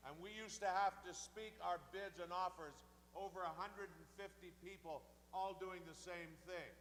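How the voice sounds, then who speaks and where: An older Canadian man, a voice actor on a panel, speaking in a booming, projected, deliberate way. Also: fairly even intonation, fairly bright tone. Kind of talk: panel talk, demonstrating voice projection. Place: large convention hall. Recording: reverberant convention hall, faint hum.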